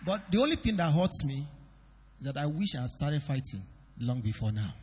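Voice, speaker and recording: A pastor preaching a sermon in a church hall, swinging between loud declarations and quiet confiding. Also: male voice, fairly high pitch, very animated, normal speed, a little hiss or hum. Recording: long reverb of a church hall.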